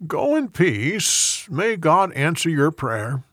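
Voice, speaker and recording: An old priest speaks gently and patiently, slow and unhurried, as a male reader voices him. His voice moves with lively rise and fall in a dry, close sound. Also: on the high side, dry recording, pitched above the performer's own voice, full character voice. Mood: gentle.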